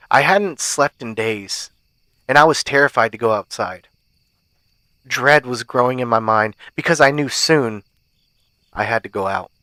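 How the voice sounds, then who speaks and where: A man hosting a podcast, reading a first-person horror story aloud in a measured, suspenseful way. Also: medium pitch, fairly bright tone, no echo. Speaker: podcast host and narrator.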